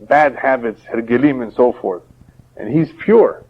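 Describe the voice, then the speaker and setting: A man, a rabbi, giving a religious lecture and teaching through parables in a steady, explaining way. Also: mid-range voice, unhurried. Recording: dull lo-fi older audio.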